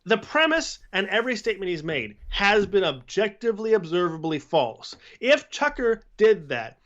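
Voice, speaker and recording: A man co-hosting a political commentary show, arguing his points in a steady, emphatic way. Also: high-pitched, moderate pace, muffled recording. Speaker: co-host.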